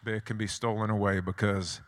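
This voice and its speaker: A man's voice: lowish voice, level tone, a little fast. A man preaching a sermon, telling stories and driving points home with rhetorical questions and repeated phrases. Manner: storytelling with rhetorical questions and repetition. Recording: long hall reverb.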